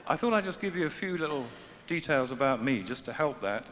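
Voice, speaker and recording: On a stage microphone at a large festival venue, a middle-aged comic speaker delivers a dry, self-mocking routine to a live audience. His voice is a little high and a bit bright, with lively intonation and a quick pace. The echoey hall carries faint ambience and slight background noise.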